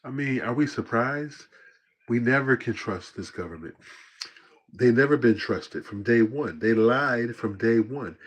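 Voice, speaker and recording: A man's voice: mid-range voice, animated, measured pace. A man hosting his own livestream, commenting in a laid-back, slangy way with lots of fillers. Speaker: livestream host.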